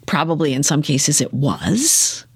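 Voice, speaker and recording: A middle-aged woman, a former news director, telling lively stories in an interview and acting out the dialogue. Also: sits low, a little slow, husky. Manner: lively storyteller who acts out quoted dialogue; emphatic, repeats phrases for effect. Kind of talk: conversational interview storytelling.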